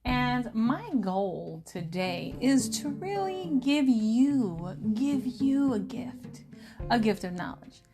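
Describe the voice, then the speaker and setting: A woman in her thirties chatting casually to camera as a vlogger, telling stories in an animated way and acting out the people she quotes. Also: a little high, takes it slowly. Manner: animated storytelling, acts out quoted friends. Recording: music playing behind her voice.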